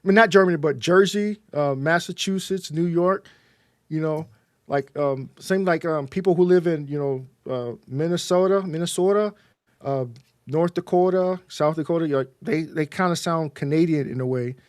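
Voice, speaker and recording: Higher-voiced rambling man from Texas. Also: moderate pace, dry recording, studio quality. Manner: rambling, lots of fillers and repeats. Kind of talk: casual livestream chat.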